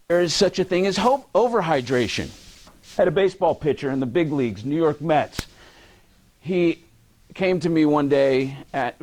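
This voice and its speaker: A male lecturer speaks to a university class in a lively, animated voice that sits a little high. He keeps things loose, teasing students and throwing questions out to the room. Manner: lively, joking, quizzes the audience. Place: lecture hall.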